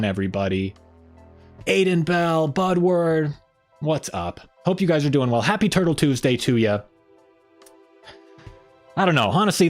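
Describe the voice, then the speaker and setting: A man hosting a casual weekly livestream, rambling loosely and greeting viewers in the chat by name. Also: on the high side. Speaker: livestream host.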